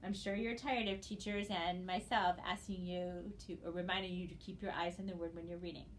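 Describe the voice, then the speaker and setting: A woman teaching a phonics lesson, sounding out syllables slowly and checking in with "okay?" after each step. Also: on the low side, fairly even intonation, a little hiss or hum. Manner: patient, checks in with frequent "okay?". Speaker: reading teacher.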